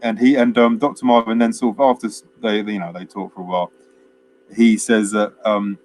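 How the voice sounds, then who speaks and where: A man's voice: lowish voice, flat delivery, a little fast, a little mellow, a little hiss or hum, rough recording. A man co-hosting a film chat, casually retelling a plot in a rambling way with lots of fillers and chuckles. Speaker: film podcast co-host.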